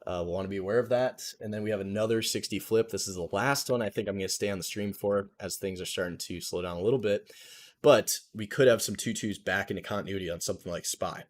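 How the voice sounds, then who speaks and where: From his desk, a young man hosts a live trading stream, offering casual market commentary into a desk mic. His somewhat low voice moves fast as he talks loosely, thinks aloud, and packs in market jargon.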